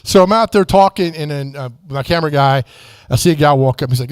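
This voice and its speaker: A middle-aged man tells a personal story in a loose, conversational way, full of asides and restarts. His voice sits a little high for a man and sounds dry and close. He talks like a guest speaker at a church. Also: expressive, fast talker, dry recording. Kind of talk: storytelling testimony.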